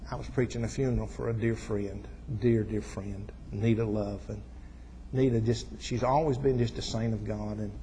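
A man preaching a sermon. He tells stories, swells to loud, fervent peaks, then drops soft. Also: lowish voice, long reverb tail, a little hiss or hum, rough recording.

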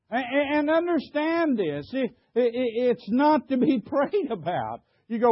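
A man's voice: very high-pitched, big pitch swings, normal speed, few pauses, no room sound, highs cut off. An older man preaching a sermon, emphatic, stammering and repeating himself as he questions the congregation. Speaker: pastor.

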